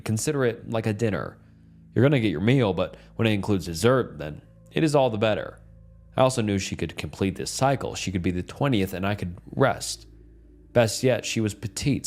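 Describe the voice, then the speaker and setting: A man reading a dark first-person horror story as a calm, steady scripted narration. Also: on the low side, normal speed.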